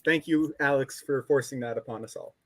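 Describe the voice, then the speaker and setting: A man co-hosting a casual podcast, deadpan and curt in his replies. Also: medium pitch, brisk, no echo. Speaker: podcast co-host.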